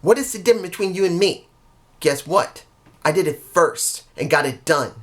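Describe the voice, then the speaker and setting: A man's voice: high voice, animated, moderate pace. A man voicing a proud, defiant female wrestler who taunts a rival in a mocking way. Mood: taunting. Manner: mocking, challenging.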